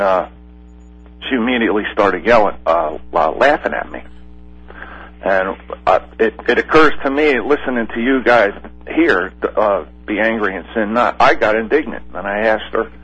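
A man calling in to a Christian talk radio show, telling a story in a rambling, halting way with many fillers. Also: on the low side, a bit bright, slightly rough. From Pennsylvania. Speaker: caller. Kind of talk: call-in radio chat. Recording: dull lo-fi phone line.

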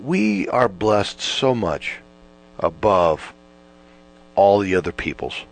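A man's voice: lowish voice, lively intonation, slow, rough recording. A man giving an informal Bible teaching, folksy and repetitive, restarting phrases and driving points home. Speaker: preacher.

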